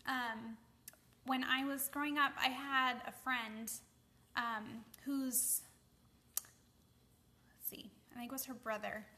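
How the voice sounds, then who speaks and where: Chatty bright-voiced young mom. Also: female voice, sits high, steady tone, slow pace, pauses often. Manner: chatty, many fillers, keeps asking okay. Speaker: mom vlogger giving advice. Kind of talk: casual advice talk to camera.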